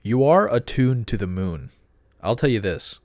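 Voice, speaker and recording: Chill guy cohosting a podcast, kinda low voice, dry close sound. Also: big pitch swings, moderate pace, a little mellow, no room sound. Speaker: podcast co-host. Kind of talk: casual chat.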